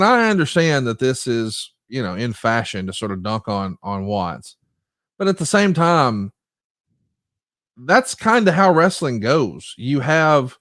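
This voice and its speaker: A man co-hosting a podcast, briskly recapping wrestling matches in a lively, storytelling way. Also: mid-range voice, no room sound, studio quality. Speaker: podcast co-host. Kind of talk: casual podcast chat.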